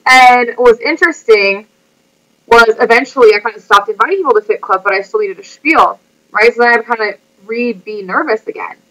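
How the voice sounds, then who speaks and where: A woman fitness coach speaks to her viewers in a motivational vlog. Her voice is high and bright, with a sharp edge. She talks in a chatty, earnest, emotional way and fills her sentences with "like". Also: fairly quick, poor audio.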